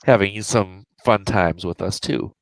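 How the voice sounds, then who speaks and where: A man hosting a casual livestream chat as author and editor, laughing often and filling pauses with "uh". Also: deep voice, vocal fry, dry recording. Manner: laughs often, many fillers.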